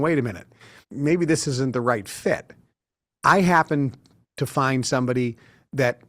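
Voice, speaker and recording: A middle-aged man as an interview guest, telling lively anecdotes and acting out the people he quotes. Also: medium pitch. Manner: animated storyteller who acts out quotes. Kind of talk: casual interview talk.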